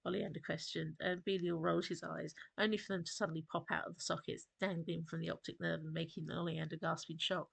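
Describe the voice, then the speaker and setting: A woman storyteller reading a dark fantasy story aloud in an even, unhurried way. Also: low-pitched, creaky, slightly rough, dry recording. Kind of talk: storybook narration.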